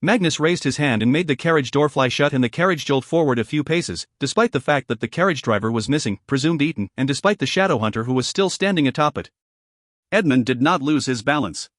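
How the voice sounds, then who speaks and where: A man reading an audiobook narration in a measured, expressive storytelling manner. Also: mid-range voice, no echo, studio quality. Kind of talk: scripted narration.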